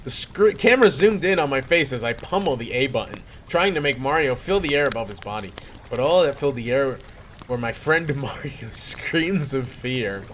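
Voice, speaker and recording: A man's voice: medium pitch, fairly bright tone, a little hiss or hum. A man reading a horror story aloud in a playful, mock-dramatic way. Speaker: creepypasta reader.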